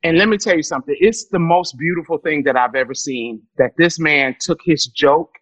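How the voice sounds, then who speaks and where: A woman comedian telling animated, profane stories as a podcast guest, breaking into loud laughter. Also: sits low, fairly quick, dry recording, low-quality recording. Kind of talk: storytelling in a podcast interview.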